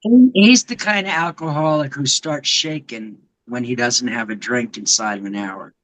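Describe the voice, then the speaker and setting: Woman, livestream co-host, casual political chat, blunt, profane, measured. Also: rumbling low, a bit bright, low-quality recording.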